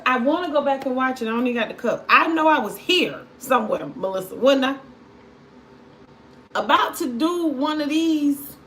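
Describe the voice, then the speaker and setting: A woman hosts a casual tarot livestream. Her voice sits a little high, and she tells stories in an animated way and repeats herself often. A faint noise hums under the recording. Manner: animated storytelling, repeats phrases, talks to viewers. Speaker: tarot reader livestream host.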